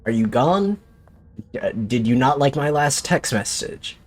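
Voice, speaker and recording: A man's voice: mid-range voice, lively intonation, a little slow. A man streaming a horror game, talking to himself in jumpy, joking commentary. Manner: jumpy, talks to himself, jokey. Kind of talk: let's play commentary.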